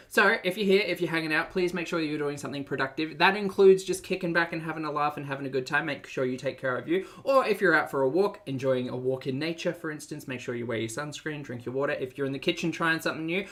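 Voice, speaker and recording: A man's voice: on the high side, sharp tone. A man hosting a casual reaction live stream, chatty and playful as he greets viewers by name.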